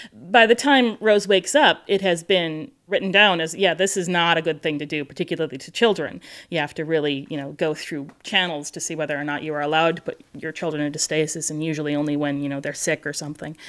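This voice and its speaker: A woman author speaks earnestly with a somewhat low voice, sometimes restarting as she thinks. She also reads from her own book in a steady narrating voice. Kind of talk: interview talk and reading from her novel.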